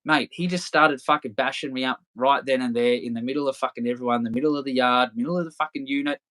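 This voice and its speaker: A man's voice: mid-range voice, fairly even intonation, quick pace, a bit bright. A young adult man with an Australian accent, telling his story as a podcast guest in a blunt, profane way, full of fillers. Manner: blunt, heavy swearing, filler-laden. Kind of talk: casual storytelling.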